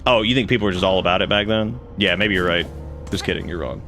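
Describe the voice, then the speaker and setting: A man's voice: sits low, quick pace, sharp tone. A man streaming a video game, cracking jokes and swearing casually as he plays. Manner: joking, profane, rambling. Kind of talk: casual gameplay commentary. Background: game music.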